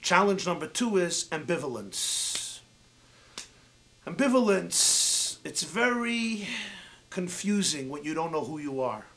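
A male rabbi lectures with a high, ringing voice that climbs and dips all over the place. He tells his story theatrically and plays out every exchange. His tone stays bright and forceful throughout. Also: takes it slowly. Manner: animated and theatrical, acts out dialogue. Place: university lecture event.

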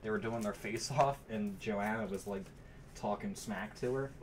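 A man's voice: fairly low pitch, moderate pace, slight background noise. A man hosting a card break, chatting casually and calling out cards between stories. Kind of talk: casual chat while opening card packs.

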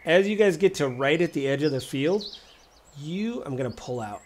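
A man's voice: a little high, expressive, normal speed, a little mellow, slight background noise. A man running a tabletop game as game master, describing scenes casually with many fillers. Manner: casual, rambling, frequent fillers and laughs.

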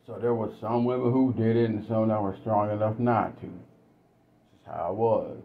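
A man's voice: fairly low pitch, fairly even intonation, normal speed, vocal fry. A man giving a blunt, casual storytelling monologue. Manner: blunt, conversational. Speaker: commentator. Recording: dull lo-fi recording.

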